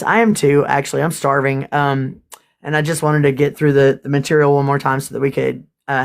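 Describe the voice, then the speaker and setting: Gravelly, casual livestream host. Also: mid-range voice. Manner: casual, swears freely, gets emotional.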